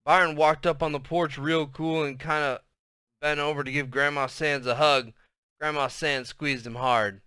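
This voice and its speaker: A man reading a novel aloud as storybook narration, in a lively, expressive way. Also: fairly high pitch, moderate pace, smooth, no echo, studio quality. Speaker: audiobook reader.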